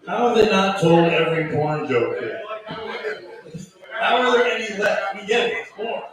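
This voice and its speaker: A man's voice: sits high, moderate pace, a crowd in the background. A man doing a crude, rambling open mic stand-up set in a small comedy venue. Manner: deadpan, crude, rambling delivery. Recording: echoey room, voice from far off.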